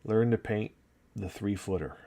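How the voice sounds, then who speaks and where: A man with an upstate New York accent runs a laid-back livestream, painting miniatures and reading the chat as he rambles along. His voice is lowish and gravelly, at a moderate pace.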